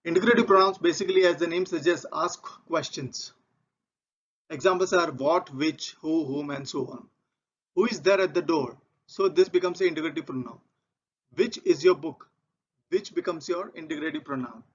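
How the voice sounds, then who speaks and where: A man teaching English grammar, walking slowly and methodically through example sentences and repeating key points. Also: a little high, slight background noise. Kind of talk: explaining grammar over slides. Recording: dull lo-fi recording.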